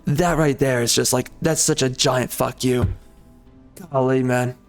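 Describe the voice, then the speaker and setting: A man hosting a gaming channel, venting in an angry, profane rant with halting restarts and frequent swearing. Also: medium pitch, fairly even intonation, faint music behind. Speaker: gaming channel host and author. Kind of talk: frustrated rant over gameplay.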